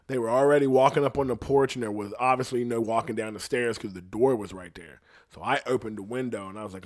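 Profane man telling a story. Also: fairly quick. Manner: profane, animated, drops to low tones for tension. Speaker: guest. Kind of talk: casual storytelling.

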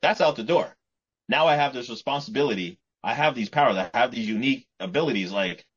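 Speaking briskly and with animation, a man co-hosting a podcast rambles in casual chat, repeating himself and restarting sentences. His mid-range voice is fairly bright with a breathy edge, and the podcast audio is muffled and lo-fi.

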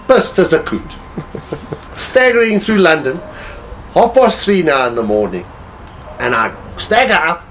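A man with a fairly high voice that swoops up and down as he spins a story, chuckling between lines. He talks casually as a guest. Faint noise hums behind him. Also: poor audio. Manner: animated storyteller, laughs while talking. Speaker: guest telling stories. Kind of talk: casual anecdote telling.

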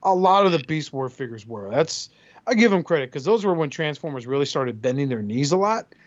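A man's voice: a little high, big pitch swings, a little fast, highs cut off. A man co-hosting a podcast in casual chat, telling rambling profane stories and acting out quotes. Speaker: podcast co-host.

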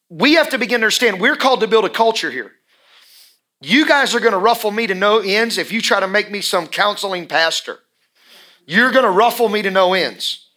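A man's voice: sits high, pushed and bright. A male pastor preaching a sermon in a church, emphatic and repeating his phrases for effect.

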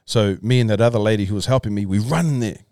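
A man's voice: lowish voice, fast talker, dark tone, smooth, dry recording, clean studio sound. A man, a podcast guest, telling a long story in loose casual chat, swearing freely and calling people "bro". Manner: loose, swearing, says "bro", talks in restarts.

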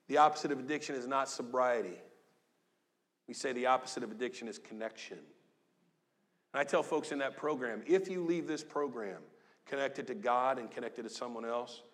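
A man in his fifties, a pastor giving a lively, joking, conversational sermon in a church. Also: mid-range voice, brisk. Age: 50s. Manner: animated, joking, conversational preaching. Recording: long echo of a large hall.

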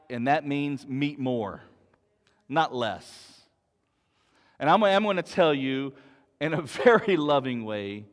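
A man's voice: medium pitch, long reverb tail. A man preaching a sermon as pastor, earnest and storytelling, repeating words as he builds his point.

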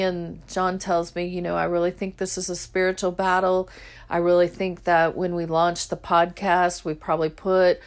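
Woman, middle-aged, faith podcast host, earnest, slightly low pitch. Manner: earnest and emotional, retelling with quoted dialogue. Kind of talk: personal faith podcast storytelling.

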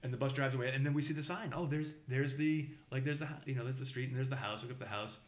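Middle-aged man, casual storytelling, fast talker, halting with fillers, echoey room. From Boston area, US. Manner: halting, many fillers and restarts, acts out voices with big pitch jumps. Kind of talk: casual anecdote telling. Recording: roomy echo.

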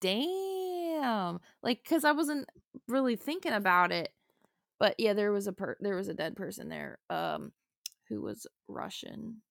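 A woman's voice: mid-range voice, expressive, moderate pace, creaky, dry recording, clean studio sound. A woman co-hosting a podcast, telling stories loosely and casually, with the odd swear word. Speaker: podcast co-host. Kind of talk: casual chat.

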